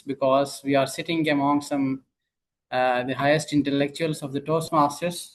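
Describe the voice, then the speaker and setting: A man acting as language evaluator at an online club meeting who speaks politely and deferentially. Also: fairly high pitch. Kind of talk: meeting report.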